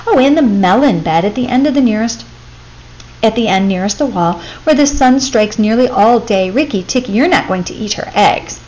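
A woman's voice: on the high side, animated, normal speed, darkish tone, muffled recording, natural voice. A woman voicing a fretful little male bird. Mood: worried. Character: anxious male songbird, simple and fretful.

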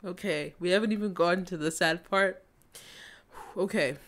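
A woman's voice: lowish voice, moderate pace, background noise. A young woman hosting a movie reaction, talking casually and animatedly, swinging between giggles and indignant rants.

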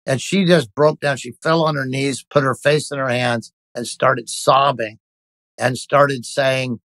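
Man, pastor, interview storytelling, intense, emphatic, mid pitch, dry close mic. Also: steady tone, unhurried, a bit bright, dry recording. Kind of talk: telling a personal story in an interview.

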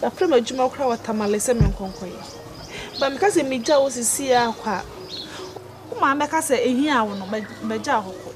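A woman's voice: on the high side, expressive, fairly quick, background noise, lightly acted. A woman with a Ghanaian accent playing an aggrieved wife who complains insistently. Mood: resolute. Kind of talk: film acting. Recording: film score clearly underneath.

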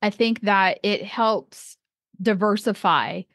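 A woman's voice: mid-range voice, takes it slowly, fairly bright tone, dry recording, clean studio sound. A woman hosting a casual interview, enthusiastic and coaching, full of praise for her guest. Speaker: podcast host. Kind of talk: casual encouraging interview chat.

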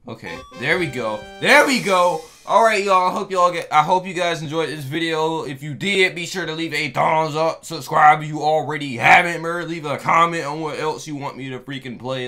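A young man giving casual gameplay commentary, loud and excitable, yelling at the game and swearing freely in slang. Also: fairly high pitch. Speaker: gaming YouTuber.

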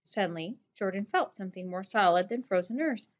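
Woman reading a novel out loud, mid-pitch, a bit muffled sound. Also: fairly quick. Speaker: narrator. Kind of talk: audiobook narration.

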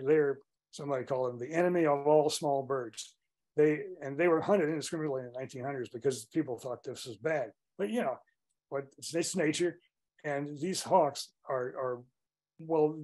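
A man's voice: fairly high pitch, fairly quick, a little mellow. An older man giving an informal talk on backyard birds, rambling and often restarting his sentences. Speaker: bird talk presenter.

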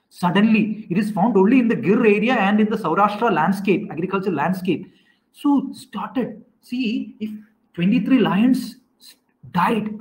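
High-voiced man teaching online class. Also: rough recording. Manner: questioning students, repeating himself, halting restarts.

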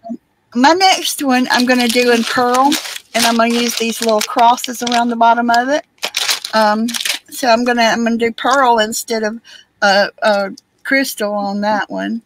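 A woman's voice: a little high, steady tone, normal speed, noisy background. A woman with a Southern US accent chatting casually on a live stream, rambling with many ums and restarts. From Alabama, US.

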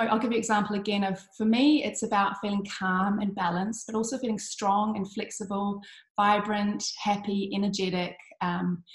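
Woman, health coach, chatty, many ums, tired, echoey room, mid pitch. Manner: chatty, with frequent ums and restarts; uses 'bloody' as an intensifier. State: tired from little sleep. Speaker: health coach giving an online talk. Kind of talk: casual presentation.

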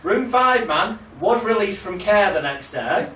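A man's voice: high voice, expressive, unhurried, sharp tone, echoey room, recorded from a distance, poor audio. Chatty man telling stories to a class. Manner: swears freely, laughs at own stories, loose and chatty. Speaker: hypnotherapy trainer. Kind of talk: casual storytelling lecture.

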